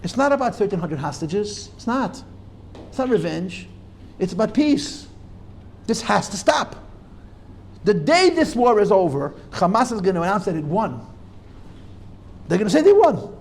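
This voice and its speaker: A man's voice: high voice, very animated, moderate pace, long pauses. A man teaching a Torah class as a rabbi, emphatic and repeating key points while debating his students. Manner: emphatic, argues back and forth with students.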